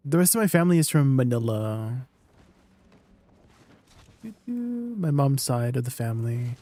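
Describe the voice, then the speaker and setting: A man's voice: medium pitch, very animated, unhurried, mellow. A young man from Canada with a Canadian accent, chatting casually and playfully with his viewers during a live gaming stream, asking them questions. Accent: Canadian English.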